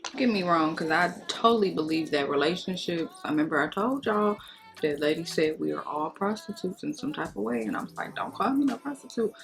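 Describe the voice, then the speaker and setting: A woman beauty vlogger chatting casually while getting ready, outspoken and sassy with emphatic remarks. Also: sits low. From United States. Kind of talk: casual get-ready-with-me chat.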